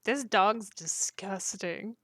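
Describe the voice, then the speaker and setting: Woman, live streamer, giggly, jokey, mid-pitched voice, dry close sound. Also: slow, fairly bright tone, dry recording. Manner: giggly, breaks into frequent laughter; chatty, jokey, talks to her chat. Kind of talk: casual live-stream chat while gaming.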